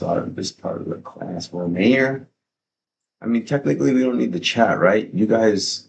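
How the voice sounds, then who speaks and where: A man with a low, deep voice hosts a casual livestream from his home setup. He talks into a desk microphone in an excitable, rambling way, swearing freely. A faint hiss sits under his voice. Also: creaky. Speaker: livestream host.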